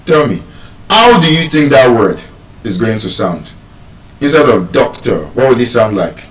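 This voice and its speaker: A man from Nigeria teaching a lesson on word stress to public speakers, measured and repetitive, asking his listeners questions as he goes. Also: mid-range voice, sing-song. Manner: measured, repeats key points, asks the audience questions. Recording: roomy echo, speaker far from the mic.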